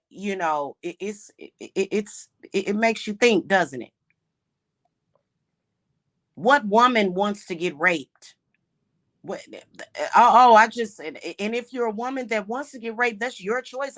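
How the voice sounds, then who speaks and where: A woman's voice: medium pitch, fairly bright tone. A woman who practices witchcraft and hosts her own channel, talking in an emphatic, indignant unscripted monologue full of restarts and repeated words.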